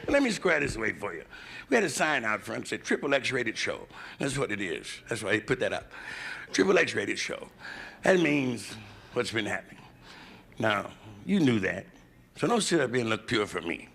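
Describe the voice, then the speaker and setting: A man's voice: fairly low pitch, sing-song, a little fast, creaky, fairly bright tone, breathy edge. An American male comedian doing crude, conversational nightclub stand-up and working the crowd from a hotel stage, on a noisy 1970s live VHS tape. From United States.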